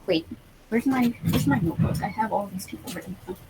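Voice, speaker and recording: A woman's voice: medium pitch, fast, background noise, close to an everyday voice. A woman voicing a skinny, jittery young male priest who is flustered and forgetful, stammering and apologizing as he talks. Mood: rambling.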